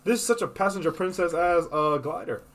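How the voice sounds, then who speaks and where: A man's voice: high voice, fairly quick. A young man streaming casual reaction commentary, swearing freely and laughing as he talks. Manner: profane, laughing, excitable.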